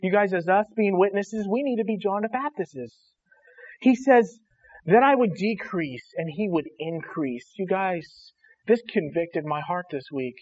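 A man's voice: high-pitched, unhurried, highs cut off. A man preaching a sermon, earnest and conversational, speaking directly to his congregation. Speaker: pastor.

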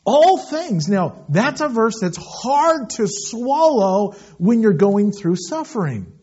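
A pastor preaching a sermon, earnestly, rising to loud emphasis and dropping into quiet, low asides. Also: male voice, very animated, takes it slowly, breathy edge, muffled recording.

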